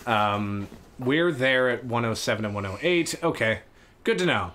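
A man's voice: medium pitch, animated, moderate pace, fairly bright tone, a little hiss or hum. A man hosting a casual let's-play, joking and laughing often with his co-player. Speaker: gaming channel host.

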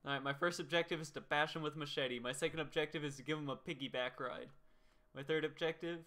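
A man's voice: fairly high pitch, fairly even intonation, fast talker, pushed and bright. A man streaming a video game live, playfully taunting the other players as he commentates.

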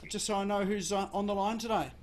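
A man's voice: sits high, steady tone, fast talker. An Australian man hosting a video call, casual and full of fillers and restarts. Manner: hesitant, many fillers. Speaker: webinar host.

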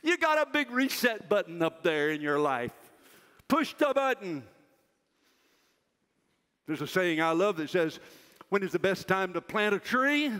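An older man giving a loud, emphatic chapel sermon to university students in a large hall. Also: high-pitched, sing-song, a little slow, long pauses, clear, resonant tone. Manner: loud, emphatic preaching that drops to a soft, self-mocking aside. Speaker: university president speaking at chapel. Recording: reverberant hall.

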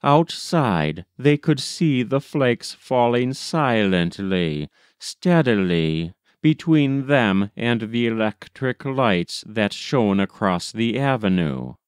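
Male audiobook narrator, measured and gentle, unhurried with a smooth, dry close-up sound. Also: medium pitch, sing-song, dry recording. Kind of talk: scripted narration.

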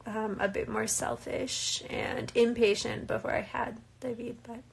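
Reading viewer questions out loud, a young US woman from a reality show chats casually through a live Q&A, laughing often. Her voice is a little high, gravelly and breathy, with fairly even intonation and a slightly slow pace.

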